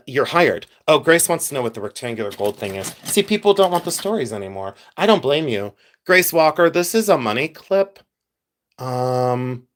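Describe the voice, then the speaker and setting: A man hosting a casual live stream, telling stories and answering viewers' comments by name. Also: mid-range voice. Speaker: livestream host.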